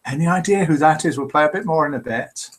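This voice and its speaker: A man's voice: fairly high pitch, fast talker. A man hosting a live show, playfully reading viewer comments aloud and chuckling.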